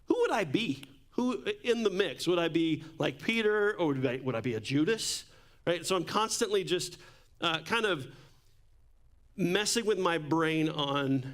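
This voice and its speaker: In a church sanctuary, a pastor delivers a sermon through a handheld or stage mic, keeping things light with jokes and stories. He has a somewhat high voice with a fairly bright tone.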